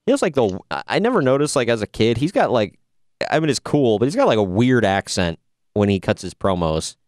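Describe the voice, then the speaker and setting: A laid-back man chatting casually on a podcast, sarcastic and quick to laugh. His voice is smooth and resonant, recorded close and dry with no room sound. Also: medium pitch, very animated, a little mellow, no room sound. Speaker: podcast host reviewing wrestling. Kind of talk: casual chat.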